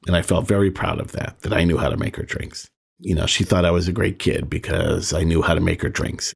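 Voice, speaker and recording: A man's voice: deep voice, fairly even intonation, brisk, creaky, breathy edge. A man in his sixties hosting a podcast, telling a personal story in a candid, self-deprecating way and chuckling as he remembers. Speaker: podcast host.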